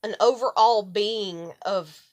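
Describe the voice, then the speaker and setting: A middle-aged woman vlogging in a rambling, profane monologue, animated when she retells arguments. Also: medium pitch, slow pace. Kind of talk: casual monologue to camera.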